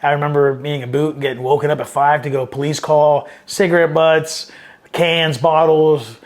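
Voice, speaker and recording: A man's voice: fairly high pitch, flat delivery, moderate pace. A middle-aged man from Southern California, a Marine veteran telling war-era stories in a casual, profane, rambling way, livening up when he quotes others. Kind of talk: casual storytelling interview.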